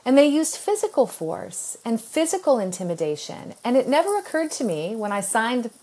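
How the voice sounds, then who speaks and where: Husky middle-aged american woman, kinda high voice, tells her story earnestly and laughs a lot. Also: normal speed. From United States. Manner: expressive, earnest, laughs often while telling. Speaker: author guest. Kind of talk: conversational interview storytelling.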